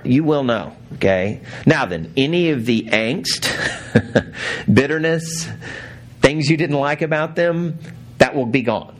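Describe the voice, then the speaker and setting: Man preaching a lively storytelling sermon. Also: medium pitch, slow. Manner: storytelling with laughs and acted quotes. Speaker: pastor.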